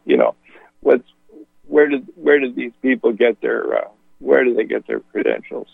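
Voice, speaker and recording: A man's voice: medium pitch, normal speed, gravelly, husky, dry recording. A man hosting a radio talk show, speaking in a rambling, hesitant way with lots of fillers. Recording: dry, phone-like radio audio.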